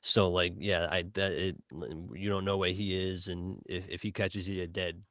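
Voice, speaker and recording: A man with a Boston accent co-hosting a casual podcast chat, halting and full of fillers as he sums up a game. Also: deep voice, little pitch movement, a bit bright, dry recording, clean studio sound. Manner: halting, many fillers and restarts. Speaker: podcast co-host reviewing a game.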